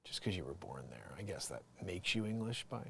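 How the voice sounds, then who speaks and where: A man hosting a casual livestream, talking to himself as he searches, drifting from low muttered asides to bursts of excited shouting. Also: a little fast, vocal fry, slight background noise. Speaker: livestream host.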